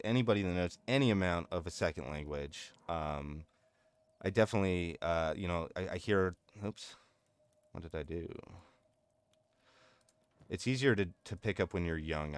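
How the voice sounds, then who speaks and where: Low-pitched streamer in his thirties, loose and chatty, with a dry, close sound. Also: unhurried, pauses often, clear, resonant tone, no room sound. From United States. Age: 30s. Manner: rambling, chatty, laughs often. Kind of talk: casual gameplay commentary.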